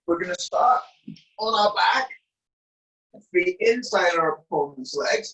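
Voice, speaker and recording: A man's voice: a little high, fairly bright tone. A man coaching jiu-jitsu over a video call, explaining a technique while he demonstrates it. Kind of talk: casual chat then technique instruction. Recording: dull lo-fi video call audio.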